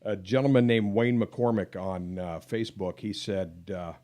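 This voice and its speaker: A man's voice: lowish voice, steady tone, normal speed, dark tone. A middle-aged man co-hosting a podcast, talking in an earnest, affectionate way and laughing easily. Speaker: podcast co-host. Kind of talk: casual podcast chat.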